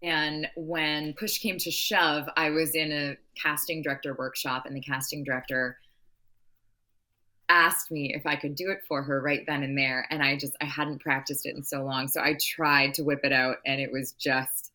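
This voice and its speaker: An actress speaking in a casual interview, talking at length in a rambling way with frequent restarts. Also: female voice, sits low, little pitch movement, normal speed, sharp tone. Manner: long-winded, rambling with restarts.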